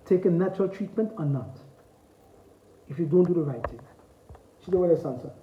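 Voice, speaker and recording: A man's voice: a little high, lively intonation, brisk, slight background noise. A man giving preachy, emphatic health advice in a casual talk straight to his viewers, repeating his commands. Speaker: natural health promoter. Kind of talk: casual direct-to-camera talk. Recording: dull lo-fi sound.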